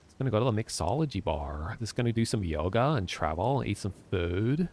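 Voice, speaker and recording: A man's voice: fairly low pitch, sing-song, brisk, darkish tone, a little hiss or hum. A man putting on an exaggerated, drawling impression of a laid-back West Coast surfer dude. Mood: carefree. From Minnesota, USA.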